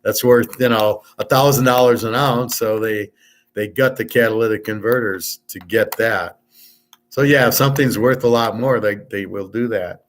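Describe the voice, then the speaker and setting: A man hosting a casual livestream, talking loud and clear on purpose, blunt and opinionated, rambling from one point to the next. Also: on the low side, moderate pace. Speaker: sports handicapping show host. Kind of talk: casual livestream chat with viewers.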